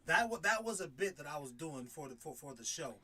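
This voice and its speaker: A man's voice: a little high, lively intonation, fairly quick, sharp tone. A man co-hosting a casual live chat, easygoing, asking short questions. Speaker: co-host.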